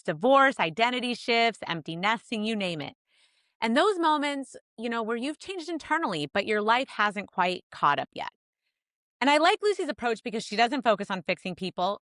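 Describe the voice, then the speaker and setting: A woman's voice: a little high, a bit bright, dry recording, clean studio sound. A woman from the United States hosting a podcast, upbeat and enthusiastic as she introduces and chats with a guest. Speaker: podcast host. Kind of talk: scripted podcast intro then casual interview.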